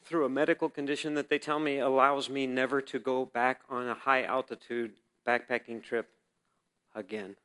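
During a church service, a man tells his testimony in a clean, mid-range voice with a level tone and normal speed. He acts out the dialogue of his story for the congregation, swinging from quiet reflection to loud emphasis.

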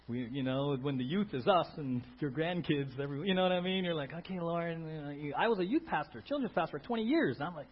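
A man working as a pastor, making an animated church announcement with plenty of fillers and restarts. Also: a little high, normal speed, husky. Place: church sanctuary. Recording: dull lo-fi church audio, faint hum.

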